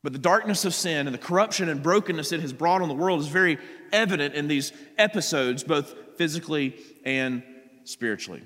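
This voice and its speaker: A man's voice: a little high, expressive, brisk, a bit bright, big-room sound. A man preaching a sermon, reading scripture passages aloud and then explaining them to the congregation. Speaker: pastor. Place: church sanctuary.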